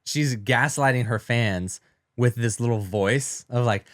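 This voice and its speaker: A man's voice: medium pitch, measured pace, no echo, clean studio sound. A man co-hosting a casual commentary show who laughs often and backs up the host.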